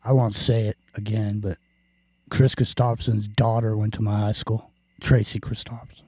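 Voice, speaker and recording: Guy rambling and cussing on a podcast, dark husky voice, dry sound. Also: fairly low pitch, flat delivery, moderate pace, dry recording. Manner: rambling, profane, jokey. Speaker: podcast host. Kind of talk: casual chat.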